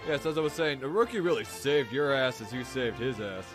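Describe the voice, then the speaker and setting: A man's voice: medium pitch, brisk, music in the background, close to an everyday voice. A man voicing a cocky, sarcastic male cartoon ally in a parody fan dub, with hesitant filler.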